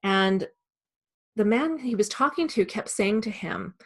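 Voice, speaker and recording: Female sales coach, mid-range voice, steady explanatory presenter tone. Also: mid-range voice. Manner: calm, measured, explanatory. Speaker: sales trainer. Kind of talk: instructional presentation.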